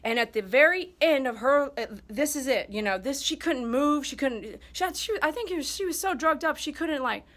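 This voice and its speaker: A woman dog groomer talks straight to her viewers in a casual, heartfelt vlog monologue. Her voice sits a little high and rings bright and forceful. She drives her points home with plain emphasis. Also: animated, moderate pace, few pauses.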